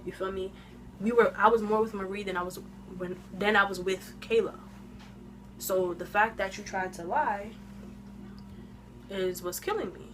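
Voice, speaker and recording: A woman of twenty-one telling a casual storytime on her own channel, animated and slang-heavy, eating while she talks into a phone camera. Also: mid-range voice, normal speed, pauses often, background noise. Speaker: vlogger.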